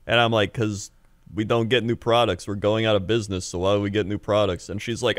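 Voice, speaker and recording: A man's voice: lowish voice, level tone, brisk, dry recording, studio quality. A man in his thirties co-hosting a podcast, telling rambling stories with lots of laughs and acted-out voices. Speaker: podcast co-host. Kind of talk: casual storytelling chat.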